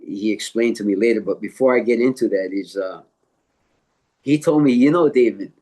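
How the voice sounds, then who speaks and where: An older man, a martial arts instructor being interviewed, retelling a story in a halting way with lots of fillers and quoted dialogue. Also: on the low side, dark tone.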